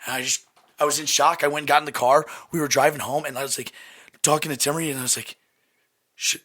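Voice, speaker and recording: A young man hosting a podcast, telling a story in a casual, animated way, swearing and laughing often. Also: on the high side, quick pace. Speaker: podcast host.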